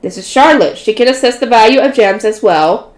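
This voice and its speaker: Laid-back middle-aged guildmaster man, read by a woman close to her own voice, somewhat high, echoey room. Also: expressive, a little fast, lightly acted. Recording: roomy echo.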